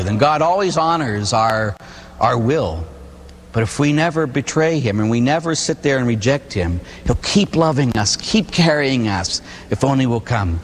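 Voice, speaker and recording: A middle-aged man from Pittsburgh, a Catholic priest giving a humorous storytelling sermon, animated and theatrical. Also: mid-range voice, moderate pace, a little hiss or hum. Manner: animated, theatrical, acts out voices. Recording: long hall reverb.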